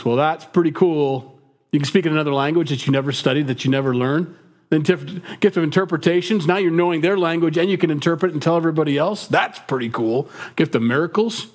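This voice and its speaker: Middle-aged pastor guy preaching, kinda high voice, sarcastic and animated. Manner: animated, acts out quotes with sarcastic humor. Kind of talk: sermon.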